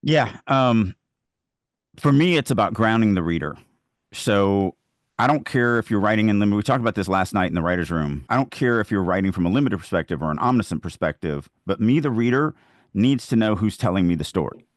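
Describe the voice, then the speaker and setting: A man's voice: on the low side, expressive, fairly quick, dry recording, clean studio sound. A man co-hosting a podcast, making emphatic points about writing from the reader's point of view in a casual chat. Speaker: podcast co-host. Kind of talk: casual discussion on writing craft.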